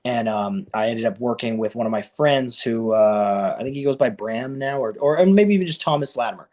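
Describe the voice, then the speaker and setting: Male wrestler guest, mid-pitched, talks fast and loose, animated when he acts out quotes. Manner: loose and conversational, many fillers like "like" and "you know". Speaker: professional wrestler telling his career story. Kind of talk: casual storytelling in an interview.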